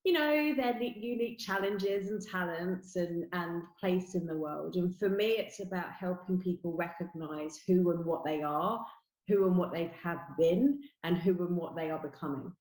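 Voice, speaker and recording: A woman's voice: on the low side, normal speed, a little mellow, echoey room, poor audio. A middle-aged woman with a London accent, explaining her spiritual work earnestly as an interview guest, with many "you know" asides.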